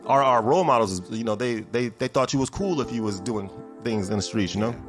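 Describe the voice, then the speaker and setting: Fast-talking man telling animated stories. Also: medium pitch, faint music behind. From Chicago. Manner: animated, acts out quoted voices, emphatic. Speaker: guest. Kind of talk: storytelling in conversation.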